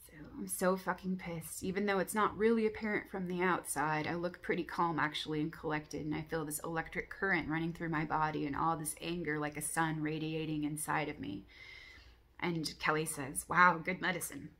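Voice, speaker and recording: Blunt low-voiced woman recounting a dream. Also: little pitch movement, a little fast, a bit bright. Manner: candid and blunt, with frequent swearing; intense and reflective. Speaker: dream journal narrator. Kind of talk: recounting a dream from her journal.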